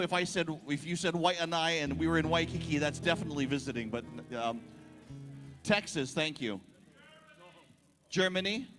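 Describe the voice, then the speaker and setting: Jokey Hawaiian festival emcee in a hall. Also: male voice, on the high side, fairly bright tone. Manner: jokey, chatty, playful with the audience. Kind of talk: stage emcee banter with a crowd. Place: large ballroom stage. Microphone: stage microphone through PA. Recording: reverberant hall over PA.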